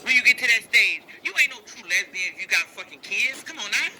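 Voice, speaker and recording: A man's voice: high-pitched, expressive, fast talker, over a noisy crowd, low-quality recording. A man ranting in casual chat, with a lot of swearing. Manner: ranting, profane.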